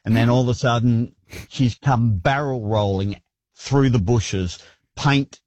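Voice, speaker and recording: A man calling a radio show, telling a story with many halting fillers. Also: mid-range voice, darkish tone, no room sound, lo-fi sound. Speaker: caller.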